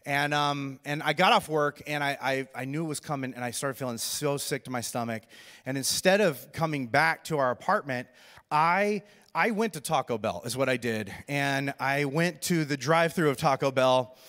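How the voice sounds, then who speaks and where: A man's voice: medium pitch, moderate pace. A man preaching a sermon as a pastor, telling a funny self-deprecating story in a loose, chatty way and talking straight to the crowd. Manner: animated, self-deprecating, conversational, addresses crowd directly. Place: church auditorium. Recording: reverberant hall sound.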